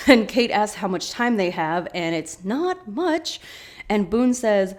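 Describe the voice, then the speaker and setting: A woman hosting a podcast, casually recapping a TV episode with animated, chatty asides. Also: mid-range voice, a little slow. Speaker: podcast host.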